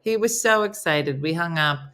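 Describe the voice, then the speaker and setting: A woman's voice: low voice, animated, normal speed, a bit bright. A middle-aged woman hosting a casual live morning chat, laughing often and talking playfully to her viewers. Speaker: host of a live morning show.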